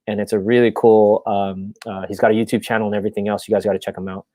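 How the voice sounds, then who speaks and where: A comic creator hosts a casual live stream, talking fast and rambling excitedly about his plans with lots of ums and restarts. His voice is fairly low, and the sound is dry and close with no room echo.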